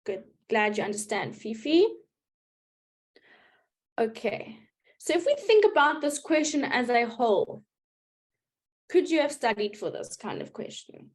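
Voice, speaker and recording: A woman leads a live online maths lesson from behind a streaming mic. Her voice sits slightly high and she moves at a slow, deliberate pace. She walks through each step patiently and keeps asking her students whether it makes sense. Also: big pitch swings, husky. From South Africa. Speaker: maths teacher.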